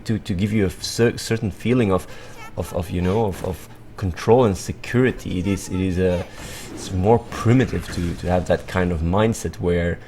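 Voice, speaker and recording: Man, a streamer, rambling off the cuff with a low voice, blunt and sweary, with faint background hum. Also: a little mellow. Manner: rambling, repetitive, lots of filler and restarts. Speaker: livestream host. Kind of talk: casual livestream monologue.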